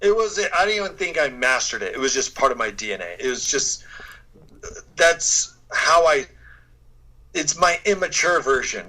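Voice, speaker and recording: A man's voice: medium pitch, sharp tone, rough recording. An American man, a guest actor, chatting casually in an interview and laughing often. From United States. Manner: laid-back, laughs often.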